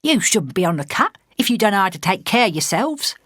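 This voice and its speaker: A cheeky, skinny young lad , as a woman reads him, with a broad Cockney accent and a cocky, slangy, teasing manner. His voice swoops lively up and down. The recording is dry and close, with no room sound. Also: medium pitch, fairly quick, no room sound, pitched above the performer's own voice.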